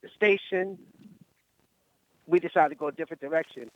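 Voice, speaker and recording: A man calling in to a talk show, speaking softly and rambling a little. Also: fairly high pitch, fairly quick, highs cut off. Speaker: caller.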